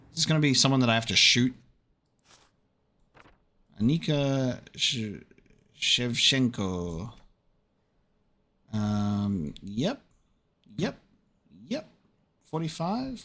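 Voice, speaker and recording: A man's voice: medium pitch, lively intonation, slow, pauses often, sharp tone. Young male gaming creator, casual commentary, mutters and swears. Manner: chatty, muttering while checking, swears. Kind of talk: casual let's-play commentary.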